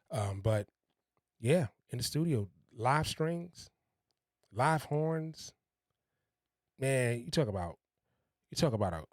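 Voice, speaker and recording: A man's voice: lowish voice, no room sound, clean studio sound. A man hosting a podcast, talking casually and with enthusiasm, repeating words for emphasis. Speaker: podcast host. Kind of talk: casual spoken monologue.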